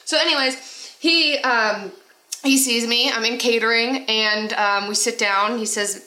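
Bright, animated woman telling stories. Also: on the high side, a little slow, reverberant, low-quality recording. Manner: animated storyteller acting out quotes. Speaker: podcast co-host. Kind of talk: casual chat, storytelling.

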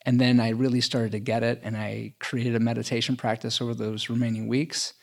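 Gravelly-voiced man telling a story. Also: mid-range voice, flat delivery, a little fast, a little mellow. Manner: chatty, frequent "like" fillers, self-mocking humor. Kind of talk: casual conversational storytelling.

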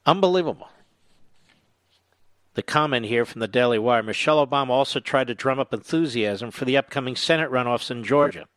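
A man's voice: medium pitch, a little fast, clean tone, no room sound. A man hosting a political commentary show, reading quotes aloud and answering them with sarcastic, indignant remarks. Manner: sarcastic, indignant, rising to angry shouting. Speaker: talk radio host.

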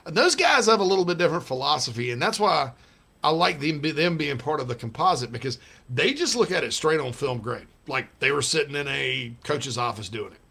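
A man's voice: fairly high pitch, sing-song, brisk, gravelly, pushed and bright, husky. A middle-aged man hosting a casual sports talk show, rambling and reading out listener messages. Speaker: sports radio host.

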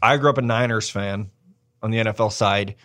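A man's voice: on the low side, brisk, fairly bright tone. A man hosting a sports podcast in casual, joking banter, recorded in an office. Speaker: podcast host.

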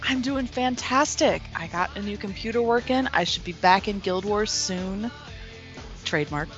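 A woman's voice: mid-range voice, moderate pace, fairly bright tone, highs cut off, soft background music. A woman guest on a gaming podcast, upbeat and giggly in casual chat.

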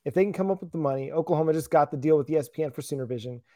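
A man's voice: fairly high pitch, rapid-fire, dark tone, dry recording, clean studio sound. A man co-hosting a casual sports talk show, laid-back and self-deprecating.

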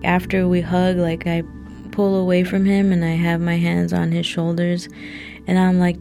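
A woman recounting a personal memory in a casual, halting way, full of "like" fillers. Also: on the low side, completely flat delivery, creaky, dark tone, soft background music. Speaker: storyteller. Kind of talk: personal story narration.

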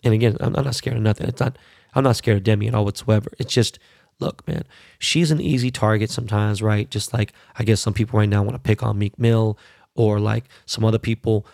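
Gravelly, foul-mouthed man ranting. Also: on the low side, little pitch movement, fairly quick, a little mellow, no room sound, clean studio sound. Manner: profane, heated and emphatic, repeats words for stress. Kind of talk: casual ranting commentary.

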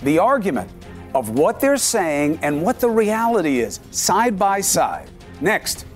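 Middle-aged male anchor, emphatic opinion-segment delivery, a touch high-pitched. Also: sing-song, measured pace, over music. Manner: emphatic, punchy, rhetorical questions. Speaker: news anchor.

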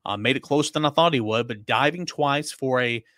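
A man recaps a ball game in a casual reporter's voice, leaning into emphatic repetitions as he tells the story. His voice sits at a middle pitch and is recorded close and dry, with no room sound. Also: a little fast, fairly bright tone, no room sound. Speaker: sports reporter.

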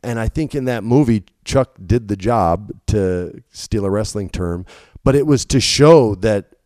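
A man telling a long story in casual talk, animated and swearing freely, jumping loud and high whenever he quotes someone. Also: measured pace, no echo, studio quality. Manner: animated, swings loud and high when quoting people. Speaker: podcast guest.

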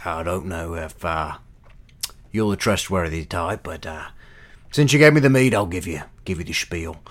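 A man voicing a hungry, wisecracking turtle adventurer who rambles in a wry, hesitant way. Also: deep voice.

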